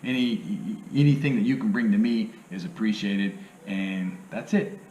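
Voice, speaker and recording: A man's voice: lowish voice, normal speed, a little mellow, muffled recording. A man with a hillbilly accent chatting casually about reselling in a rambling, folksy way, often tossing in "you know what I mean.". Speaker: reselling vlogger. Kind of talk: casual vlog talk. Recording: echoey room with faint ambient noise.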